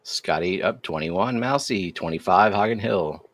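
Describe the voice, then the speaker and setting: A man with a lowish voice runs a casual auction stream. His delivery swings lively up and down as he calls out bids and jokes between numbers. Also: a little slow. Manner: playful, jokey bid calling. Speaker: auctioneer host. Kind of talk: casual livestream auction calling.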